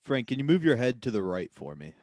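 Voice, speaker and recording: A man riffing comedic theories on a podcast, animated and joking. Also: medium pitch, quick pace, no echo, studio quality. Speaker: guest comedian. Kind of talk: comedic banter.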